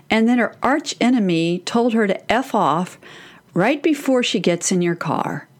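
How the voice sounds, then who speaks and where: A woman in her fifties talking earnestly to other parents, explaining her advice through metaphors. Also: medium pitch.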